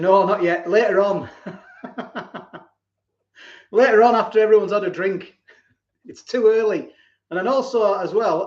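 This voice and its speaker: A man's voice: high voice, darkish tone. Chatty man, roomy dull audio. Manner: chatty, reads out viewer comments, laughs often, reminisces. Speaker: live stream host. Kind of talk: casual live-stream chat. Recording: roomy, slightly dull live-stream audio.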